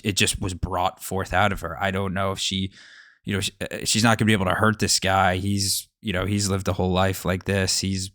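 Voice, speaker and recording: A man's voice: deep voice, fairly bright tone, no echo, studio quality. A young man telling rambling personal stories in a casual monologue, often turning to ask the listener rhetorical questions. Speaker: podcast host.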